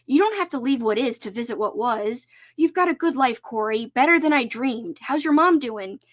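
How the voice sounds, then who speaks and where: A woman reading aloud the lines of a loving, gentle father, in a warm and reassuring fatherly manner. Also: very high voice, lively intonation, moderate pace. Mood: tender. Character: loving, gentle late father at his porch.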